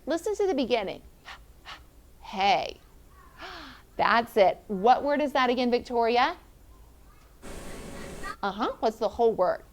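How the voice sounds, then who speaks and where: In a classroom phonics lesson, a woman sounds out letters at a slow pace and encourages her young students. Her pitch runs fairly high.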